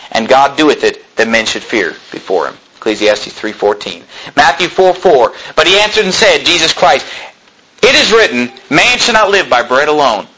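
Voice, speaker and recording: A man preaching a sermon, booming up high and dropping low, and reading old-style verses slowly. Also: husky, rough recording. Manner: emphatic preaching, swinging between loud high bursts and low drops; reads verses from an old Bible translation in a slow measured cadence. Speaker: pastor.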